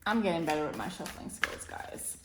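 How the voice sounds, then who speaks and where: A woman's voice: lowish voice, sing-song, a little fast, heavy background noise. A woman giving a casual spiritual tarot reading, rambling and effusive, with lots of fillers. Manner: meandering, filler-heavy, effusive. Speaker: tarot reader. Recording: roomy echo.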